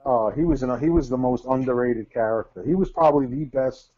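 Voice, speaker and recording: A man's voice: mid-range voice, a little fast, a crowd in the background. A man co-hosting a casual live talk show, telling long anecdotes full of restarts and repeated words. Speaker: co-host. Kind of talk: casual live-stream chat. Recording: slightly dull lo-fi audio.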